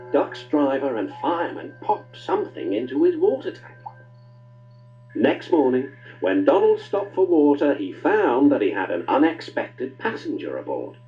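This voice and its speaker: A man narrating a children's story with expressive, swooping delivery. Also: muffled recording. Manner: warm, expressive storytelling with big pitch swings.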